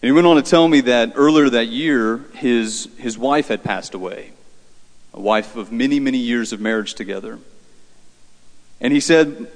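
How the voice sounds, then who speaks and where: A man, a Catholic priest, giving a conversational homily with halting fillers and repeats, in a church with long reverb. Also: mid-range voice. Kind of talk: homily storytelling.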